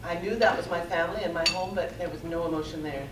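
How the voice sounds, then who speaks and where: At a conference, a middle-aged woman with a lowish voice reads aloud a prepared personal talk, telling her story earnestly and in a measured way. She's heard from some distance in a roomy conference room, with steady background noise beneath her voice.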